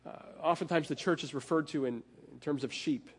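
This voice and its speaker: Man preaching a relaxed, conversational sermon. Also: fairly high pitch, slightly rough. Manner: conversational preaching with fillers and repeated restarts, slowing on key phrases. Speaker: pastor.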